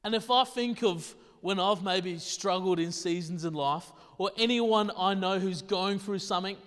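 High-voiced man preaching in a reverberant hall. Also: fairly bright tone. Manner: conversational, rapid-fire rhetorical questions. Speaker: pastor. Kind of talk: sermon. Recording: long reverb of a large hall.

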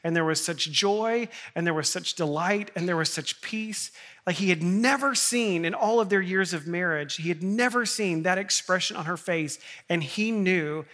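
A man's voice: high voice, moderate pace, sharp tone. A man who is a pastor, preaching a sermon in an earnest way that builds to impassioned appeals.

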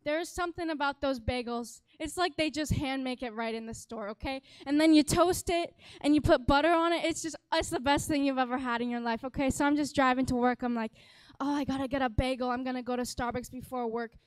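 Young woman with a high voice, telling a playful, exaggerated story to a congregation; lively and theatrical, close and dry sound. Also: fairly quick, clear, resonant tone, no echo. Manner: animated, dramatic, exaggerating for laughs. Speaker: worship leader giving a talk. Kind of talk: humorous storytelling talk to a congregation. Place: church stage.

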